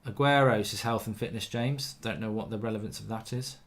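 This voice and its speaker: Direction chatty man hosting a match watchalong. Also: lowish voice. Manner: chatty, opinionated, quick to get worked up over refereeing. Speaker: host of a live football watchalong. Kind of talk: live match watchalong chat, reading out viewer comments.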